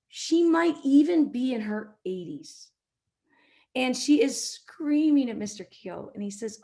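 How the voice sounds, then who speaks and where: A middle-aged woman, a marketing executive, giving a business talk and telling an anecdote, now and then acting out quotes in a softer voice. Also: fairly high pitch, expressive, measured pace. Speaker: keynote speaker, marketing executive.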